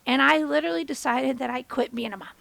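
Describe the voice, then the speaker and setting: A woman in her thirties hosting a podcast, telling a personal story as a motivational monologue and acting out the quotes with big jumps in pitch. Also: quick pace, gravelly, a bit bright, no echo. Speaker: podcast host.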